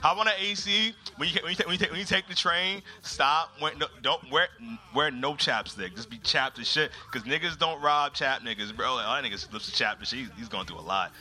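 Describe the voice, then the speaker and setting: A man hosting a live comedy show, teasing the audience with loud, profane banter. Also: a little high, brisk, hardly any pauses. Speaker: host. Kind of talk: live comedy crowd work.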